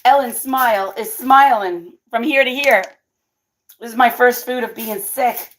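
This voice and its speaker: Excitable higher-voiced woman vlogging. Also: measured pace, slight background noise. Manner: excitable, keeps exclaiming and laughing. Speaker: cooking vlogger and channel host. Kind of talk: casual live cooking chat with viewers.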